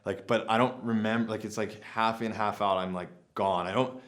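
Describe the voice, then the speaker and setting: Young male vlogger, lowish voice, loose rambling delivery full of fillers. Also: fairly even intonation, moderate pace, a bit bright. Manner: rambling, many "like" fillers and restarts. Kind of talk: casual storytelling.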